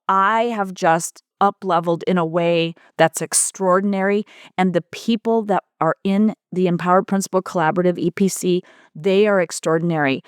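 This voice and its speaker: Earnest woman podcast host, smooth voice. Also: mid-range voice, darkish tone, no echo, studio quality. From United States. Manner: earnest, heartfelt, emphatic repetition. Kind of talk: personal podcast monologue.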